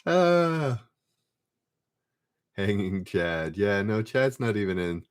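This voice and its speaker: A relaxed man hosts a live trivia stream and reads each question out before chatting with viewers. His voice swoops up and down a lot, and he takes his time. He laughs easily as he goes. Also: medium pitch. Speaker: trivia game host.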